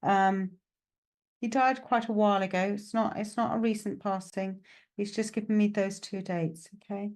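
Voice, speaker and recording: A woman's voice: medium pitch, fairly even intonation, normal speed, darkish tone. A woman giving a live psychic mediumship reading, chatty and reassuring, with lots of "okay" and "right" fillers and self-mocking asides. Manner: self-mocking, laughs at herself.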